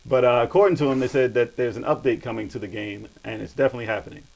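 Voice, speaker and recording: A man's voice: medium pitch, rapid-fire, vocal fry, a little mellow, poor audio. A man hosting a casual gaming podcast, reading news in a laid-back way with frequent laughs. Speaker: podcast host.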